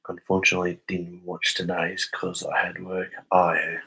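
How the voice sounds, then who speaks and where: A man's voice: sits low, monotone, normal speed, gravelly, pushed and bright, slightly rough, low-quality recording. A young Australian man on a casual live stream, reading viewer comments aloud and answering them.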